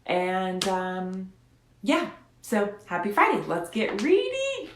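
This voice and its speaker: A woman's voice: medium pitch, wildly swooping pitch, a little hiss or hum. A woman radio host at home in her son's bedroom, chatting casually and then reading a children's picture book aloud in a rambling, friendly way. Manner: chatty and rambling, slows down to read. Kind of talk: chatty storybook read-aloud. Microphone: phone or camera set up in front of her. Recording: roomy bedroom sound.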